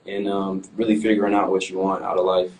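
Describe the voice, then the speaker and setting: A young man co-hosting a podcast, talking earnestly in a casual, halting way with lots of "um"s. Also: deep voice, little pitch movement, a little mellow, slight background noise, low-quality recording. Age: young adult. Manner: earnest, halting, many "um"s and restarts. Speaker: podcast co-host. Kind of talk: casual chat.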